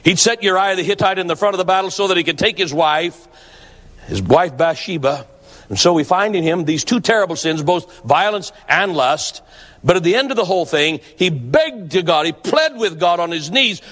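A man's voice: sits high, animated, moderate pace, a bit bright. A man preaching a sermon in an earnest, emphatic way, often repeating words for stress. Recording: long hall reverb.

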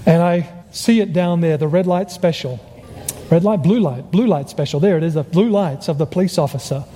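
A man's voice: fairly high pitch, moderate pace, in a large hall. A man from Australia with an Australian accent, preaching a sermon and telling a personal story, acting out the voices of the people in it. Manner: animated storyteller, acts out quoted voices.

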